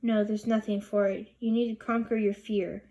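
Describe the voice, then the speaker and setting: A woman's voice: mid-range voice, level tone, moderate pace, lightly acted. A woman reading the part of a determined, impatient mother in a storybook. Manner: sharp, impatient.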